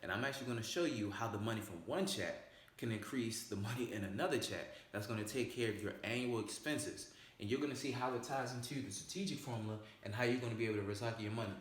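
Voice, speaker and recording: A man's voice: on the low side, fast talker. A man presenting a casual money-saving explainer, stressing each point and checking in with "all right?" and "okay?". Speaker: personal finance presenter. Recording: very echoey room.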